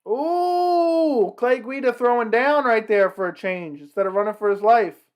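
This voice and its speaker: A livestream host chats casually, commenting on a fight and reacting to both the action and his chat. His voice is high and clean-toned, and he talks a little fast.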